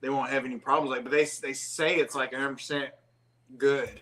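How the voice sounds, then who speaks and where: A man's voice: mid-range voice, brisk. A man co-hosting a casual beer live stream, talking bluntly and laughing a lot. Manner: animated, blunt, laughs often. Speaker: co-host.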